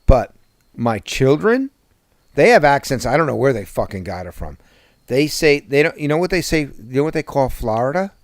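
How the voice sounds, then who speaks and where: A man's voice: medium pitch, normal speed, no echo, studio quality. A man in his fifties from Newark with a heavy New Jersey accent, a podcast host telling profane, jokey stories in casual chat. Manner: profane, jokey, animated storyteller.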